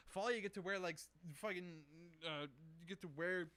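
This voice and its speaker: A man's voice: sits high, normal speed, pushed and bright, a little hiss or hum. A young man hosting a casual solo show, rambling through questions in a profane, self-mocking way. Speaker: podcast host answering questions.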